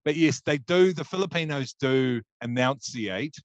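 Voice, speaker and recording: A man's voice: mid-range voice, animated, measured pace, no echo, dull audio. A man hosting a casual podcast interview, rambling with many ums and restarts. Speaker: podcast host. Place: Auckland, New Zealand.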